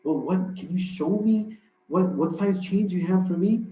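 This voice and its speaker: Eager, curious male scholar, as a lecturer puts him on, pestering questions, fairly high voice, roomy lo-fi sound. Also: unhurried, mellow. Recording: roomy, dull lo-fi hall recording.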